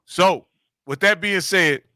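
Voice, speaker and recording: A man's voice: high voice, slow, sharp tone, dry recording. A man hosting a casual sports chat, conversational and emphatic.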